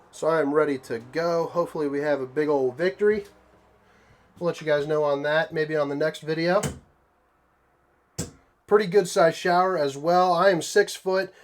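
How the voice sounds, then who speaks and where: A man hosting a casual walkthrough tour inside an RV, talking in a folksy, joking way with relaxed slang. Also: fairly high pitch, slight background noise. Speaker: RV tour host.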